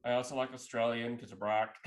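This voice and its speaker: A man co-hosting a casual podcast chat, speaking in a thoughtful, measured way. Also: mid-range voice, steady tone. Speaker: podcast co-host.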